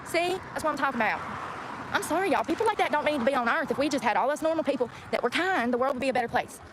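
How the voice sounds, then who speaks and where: Traffic noise comes through clearly as a young woman rants bluntly and profanely at the camera beside a road. Her high voice has lively intonation, and she talks very fast.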